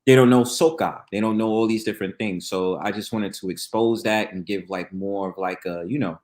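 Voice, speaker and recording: A man hosting a casual talk show, telling stories in lively, slangy speech and laughing often. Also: on the low side, a little fast. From New York. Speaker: podcast host. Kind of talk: casual chat.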